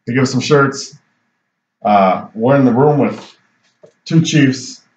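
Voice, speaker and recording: A man's voice: medium pitch, takes it slowly, darkish tone. A man co-hosting a podcast, telling a profane anecdote in a casual, laughing way. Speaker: podcast co-host. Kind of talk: casual storytelling chat. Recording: roomy, dull lo-fi sound.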